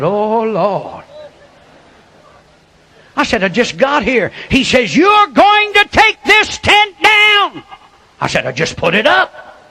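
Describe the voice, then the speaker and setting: High-pitched theatrical preacher. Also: male voice, breathy edge. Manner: folksy and theatrical, building to shouts. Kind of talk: sermon storytelling.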